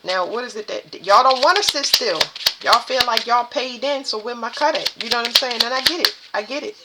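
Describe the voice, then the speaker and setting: A woman's voice: on the high side, a little fast, very noisy. A woman doing a tarot reading, talking to viewers in an emphatic, preachy way. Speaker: spiritual tarot reader.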